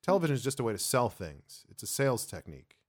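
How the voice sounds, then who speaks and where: A man's voice: medium pitch, big pitch swings, fast talker. A man hosting a casual panel chat, trading dry, wry quips and steering toward breaks. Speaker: host.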